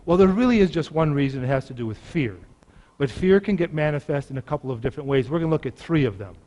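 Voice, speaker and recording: A man's voice: on the high side, expressive, quick pace, dark tone, lo-fi sound. Reflective male workshop presenter, echoing hall. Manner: reflective, explanatory. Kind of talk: parenting workshop talk. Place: large conference room.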